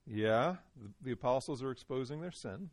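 A man leads a Bible study in a relaxed, conversational tone and keeps asking his group questions. His voice sits at a middling pitch. The recording is dry, with no room sound. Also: brisk, no echo. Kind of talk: interactive Bible teaching to a small group.

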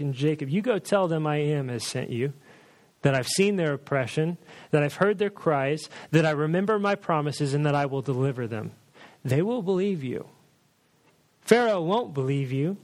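A preacher voicing God as a solemn, commanding male figure with slow, weighty pronouncements. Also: a little high, darkish tone, close to an everyday voice.

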